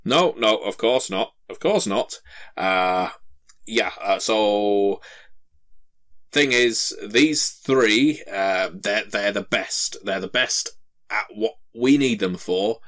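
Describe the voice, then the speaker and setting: A man's voice: fairly low pitch, slow pace, fairly bright tone. A man voicing a nervous male dwarf merchant who stammers his way through excuses. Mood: flustered.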